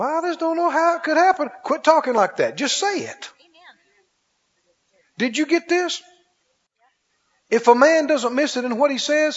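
A male pastor preaches with a high, slightly husky voice, repeatedly turning to his congregation with questions and calls for agreement. The recording sounds dull and muffled, and his voice rings out with a long reverb like in a large hall. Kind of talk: sermon.

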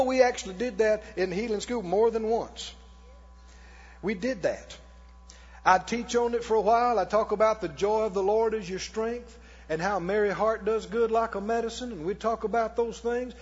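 A male pastor preaching a sermon in a church, animated, with mock laughter and shouts. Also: high-pitched, slightly rough, in a large hall, dull audio.

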